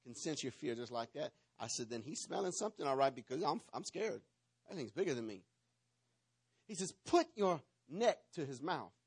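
A man's voice: mid-range voice, lively intonation, a little fast, husky. A man preaching a sermon, telling a playful, dramatic story and acting out the parts. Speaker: pastor.

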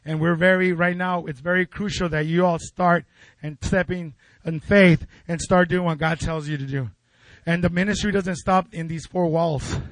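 A man's voice: a little high, fairly even intonation, moderate pace, no room sound. A man preaching a fervent sermon in a church, calling out to the congregation. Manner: fervent, call-and-response with congregation.

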